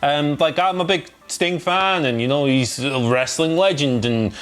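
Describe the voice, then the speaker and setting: A man co-hosting a casual wrestling news chat, relaxed and agreeable, with many fillers. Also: a little high, unhurried, faint music behind. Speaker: co-host.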